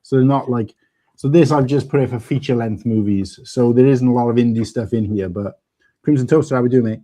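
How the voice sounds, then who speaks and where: Chatty male host, mellow and relaxed, rambling stories. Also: mid-range voice, a little fast. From United Kingdom. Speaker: stream host. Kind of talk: casual panel chat.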